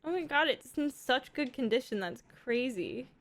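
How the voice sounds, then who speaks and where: A young woman and mother chatting casually on a live stream, excitable and gushing. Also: high voice, normal speed. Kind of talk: casual chat.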